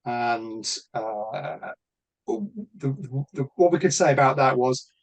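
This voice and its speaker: A man from Britain chats on a podcast about the trade. He talks bluntly, swears freely and restarts his sentences a lot, at an ordinary middle pitch. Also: animated, takes it slowly, highs cut off. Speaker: electrician podcast host. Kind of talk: casual podcast chat.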